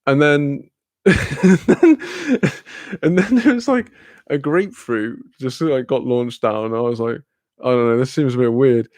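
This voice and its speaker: Young man, rambling, laughing, swearing, middle pitch, dry mic. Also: measured pace, a little mellow, no room sound. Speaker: streamer. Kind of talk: casual storytelling chat.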